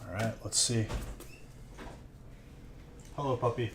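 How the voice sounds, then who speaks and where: A man's voice: mid-range voice, takes it slowly, heavy background noise. A man with a stuffy nose chatting casually on a live stream while opening trading card packs and thanking viewers.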